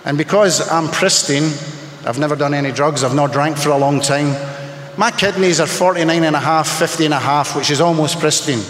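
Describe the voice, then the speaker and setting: A man's voice: a little high, fairly quick, fairly bright tone, slight background noise. A Scottish man sharing his recovery story at a convention meeting, humorous and rambling as he tells stories. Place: large hall at a convention. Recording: echoey hall recording.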